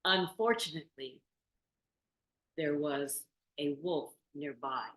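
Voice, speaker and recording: A woman storyteller telling a folk tale to a small group in a meeting room, lively and asking the audience questions. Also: deep voice, takes it slowly. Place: meeting room in a community venue. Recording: roomy meeting-room recording.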